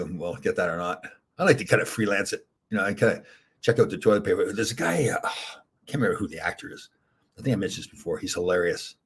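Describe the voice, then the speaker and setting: A man's voice: fairly low pitch, husky. A middle-aged man hosting a casual livestream, chatting in a rambling way and reading viewer comments aloud. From Canada. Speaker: livestream host answering chat. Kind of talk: casual chat.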